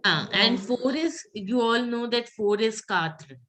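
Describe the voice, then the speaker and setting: A woman teaching a French pronunciation class, drilling words slowly and patiently. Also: fairly high pitch, crowd noise, rough recording.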